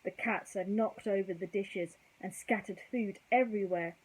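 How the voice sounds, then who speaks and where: Gentle woman reading a bedtime story. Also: medium pitch, fairly even intonation, normal speed, breathy edge, low-quality recording. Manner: gentle, chatty asides.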